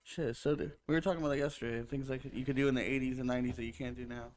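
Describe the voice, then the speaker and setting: A man's voice: medium pitch, fairly even intonation, very fast, slight background noise. Joking man on a casual talk show. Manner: joking, swears, retells scenes. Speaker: podcast co-host. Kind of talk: casual chat.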